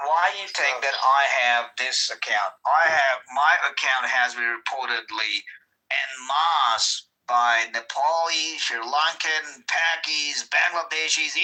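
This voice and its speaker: A man with an Australian accent in casual chat, joking and animated, repeating words as he starts a thought. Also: fairly high pitch, rough recording. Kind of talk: casual chat in an online audio room.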